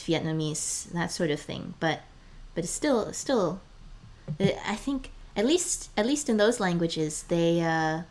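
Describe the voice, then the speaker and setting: Her voice lowish and full of vocal fry, a female streamer keeps her live chat casual. Words come out slowly, sometimes mumbled or whispered to herself, with frequent bursts of laughter between phrases.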